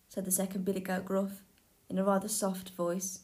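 A woman teacher reading a children's story aloud, clear and lively. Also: mid-range voice, normal speed, echoey room.

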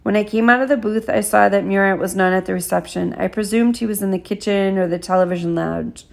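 A woman reading an audiobook chapter in a steady, measured first-person narration. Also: medium pitch, gravelly. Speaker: audiobook reader.

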